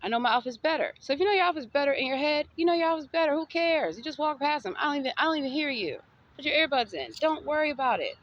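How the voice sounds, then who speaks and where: A woman's voice: sits high, animated, rapid-fire, highs cut off. Sassy woman. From Southern United States. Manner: sassy, defiant, preachy. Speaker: vlogger. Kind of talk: motivational monologue.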